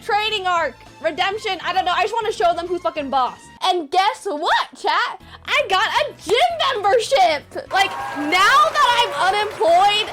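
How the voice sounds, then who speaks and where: Animated high-voiced young woman streamer. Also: unhurried, few pauses, faint music behind. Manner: animated, swears, acts out quoted voices. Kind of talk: casual storytelling to chat.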